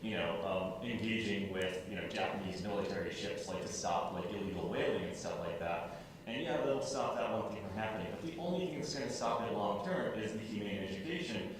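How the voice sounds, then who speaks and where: A man's voice: fairly low pitch, brisk, background noise. A man speaking on a convention panel, hesitant, with many fillers. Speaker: panelist educator. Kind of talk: panel discussion. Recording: distant mic in echoey hall.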